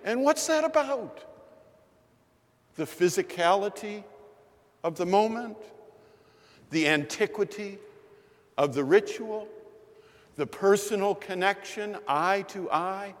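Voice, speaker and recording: A man in his sixties preaching a sermon in a chapel, telling a story in a measured, unhurried way. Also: high voice, animated. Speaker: pastor. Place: large chapel. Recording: long reverb of a chapel.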